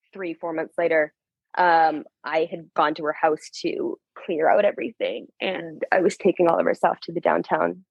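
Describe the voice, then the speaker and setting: A young woman talks candidly and with feeling, her voice husky and a little breathy. She tells a personal story in a lively way and laughs as she goes. The sound is dry and close. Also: low voice, no room sound, rough recording. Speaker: podcast guest. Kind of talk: emotional storytelling.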